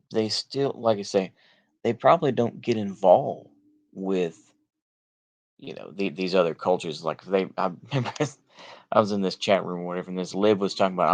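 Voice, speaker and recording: A man with a Texan accent talks in a rambling, off-the-cuff monologue, full of fillers and verbal tics. He is blunt and sarcastic and swears freely, and his voice sits a bit on the low side. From United States. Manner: rambling, many fillers and repeated "like I say". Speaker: political commentary vlogger. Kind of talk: casual monologue.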